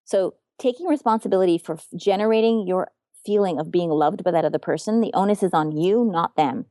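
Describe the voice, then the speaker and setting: Earnest woman relationship coach, lowish voice. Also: brisk, mellow, dry recording, clean studio sound. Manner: earnest, emphatic, frank. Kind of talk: podcast interview.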